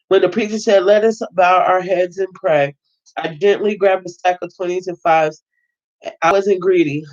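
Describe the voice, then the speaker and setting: A man reads a novel aloud in a fairly high voice. He keeps a steady pace but stumbles now and then and corrects himself. The recording is muffled and lo-fi. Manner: steady reading with occasional stumbles and self-corrections. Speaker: host reading a novel aloud.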